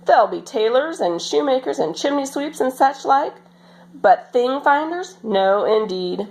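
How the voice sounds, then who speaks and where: A woman voicing a bold, cheerful, strong little girl in a storybook reading, with a bright, playful, exclaiming manner. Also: high voice, lively intonation, a little slow, pitched above the performer's own voice, low-quality recording.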